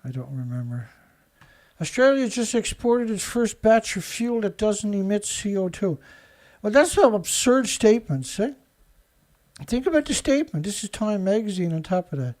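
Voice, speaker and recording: A man's voice: high-pitched, very animated, moderate pace, darkish tone. A man hosting his own show, reading news headlines aloud and answering them with sarcastic, indignant commentary. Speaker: show host.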